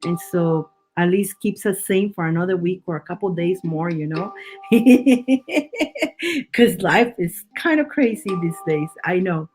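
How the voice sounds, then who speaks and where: A woman's voice: fairly low pitch, lively intonation, a little slow, darkish tone, soft background music. A woman doing a live-streamed psychic tarot reading, reassuring and chatty, often restarting and repeating words. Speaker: tarot reader.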